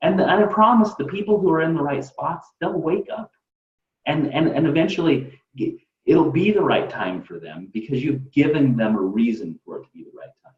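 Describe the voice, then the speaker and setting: A man's voice: on the high side, expressive, moderate pace, highs cut off. Earnest man guest, distant roomy sound. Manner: earnest, repeats himself, builds to emphatic peaks. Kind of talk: casual chat.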